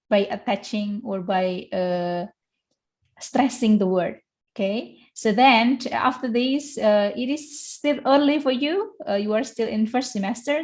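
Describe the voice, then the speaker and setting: A woman with an Indonesian accent teaching an online university English class, switching between English and Indonesian and often pausing with "uh" and "eh". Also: medium pitch, a little mellow. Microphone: video call.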